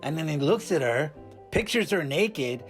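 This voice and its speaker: A man's voice: on the high side, animated, moderate pace, soft background music, natural voice. A man voicing a cheeky, randy male puppet who reviews movies, rambling and stammering through his comedic review with constant filler words. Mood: bemused.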